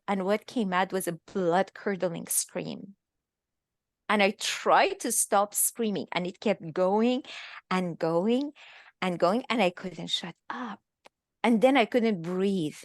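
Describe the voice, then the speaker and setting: A woman in her fifties from Iran, telling her own story in a halting, emotional way over a video call. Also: medium pitch, expressive, dry recording, studio quality. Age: 50s. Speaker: guest. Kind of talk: personal testimony in a virtual talk.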